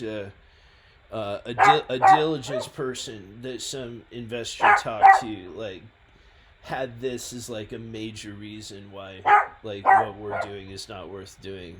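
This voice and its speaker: A man, a scientist and founder, talking through his own website in a halting, self-deprecating way. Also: mid-range voice, over a noisy crowd. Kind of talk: reading and commenting on his website.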